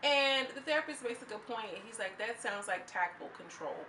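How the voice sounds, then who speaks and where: A bright, forceful woman talks through a reality episode in a loose, slangy vlog manner. Her voice bounces around a roomy, echoey space with a faint hiss underneath. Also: a little high, brisk. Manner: animated and slangy, acts out quotes in mocking voices. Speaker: reality TV reviewer. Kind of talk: casual commentary vlog. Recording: echoey room.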